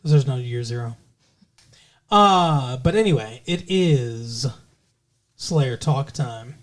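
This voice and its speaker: A man's voice: medium pitch, lively intonation, slow pace. A middle-aged man co-hosting a podcast, chatting casually and rambling with jokes. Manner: rambling, jokey, breaks into singing. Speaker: podcast co-host. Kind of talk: casual chat.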